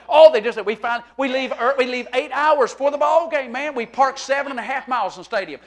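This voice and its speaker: A middle-aged male pastor preaching a humorous, animated sermon to his congregation, moving from quiet talk to shouting. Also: extremely high pitch, a little fast, few pauses. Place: church sanctuary.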